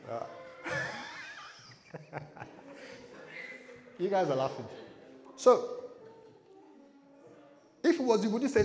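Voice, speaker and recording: A man's voice: sits high, big pitch swings, slow, pauses often, a little mellow. A male pastor preaching a sermon in a storytelling style, with chatty asides to his audience. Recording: echoey hall, faint room noise.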